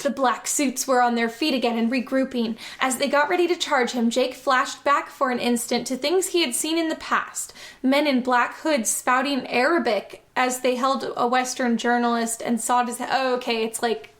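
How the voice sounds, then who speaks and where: A woman's voice: sits high, steady tone, normal speed, fairly bright tone. A woman reading a novel aloud and breaking in with sarcastic, amused comments.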